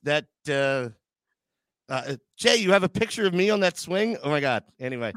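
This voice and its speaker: A man's voice: a little high, lively intonation, moderate pace, a bit bright, dry recording. A man hosting a casual live chat show, joking crudely and getting sentimental with his audience. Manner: joking, crude banter, emotional asides. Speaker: podcast host.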